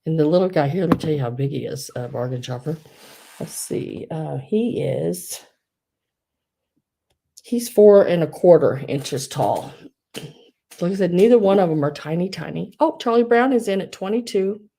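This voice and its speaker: A woman's voice: sits low, animated, measured pace, vocal fry, long pauses, warm tone. A middle-aged woman hosting a live online sale, gushing over collectible figurines and reading out bids in a chatty way. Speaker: live online auction seller. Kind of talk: live-stream sale chat.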